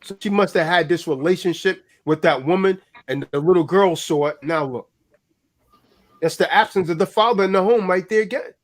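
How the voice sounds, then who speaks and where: A man's voice: sits high, normal speed. A man hosting a casual chat, telling stories in an emphatic, blunt way with plenty of swearing. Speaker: host.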